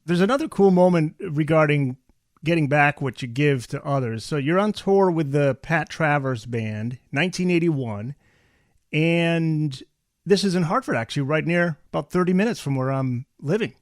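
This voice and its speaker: A man's voice: a little high, expressive, moderate pace, dry recording. A man from Connecticut, hosting an interview, prompting the guest through his story in a conversational way. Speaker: podcast host. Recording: dry close audio.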